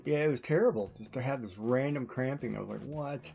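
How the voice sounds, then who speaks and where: A woman's voice: a bass voice, fairly quick, creaky, warm tone, muffled recording. Woman streamer, casual storytelling, laughs a lot, faint music behind. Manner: chatty storytelling, laughing often. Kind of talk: casual chat while playing a game.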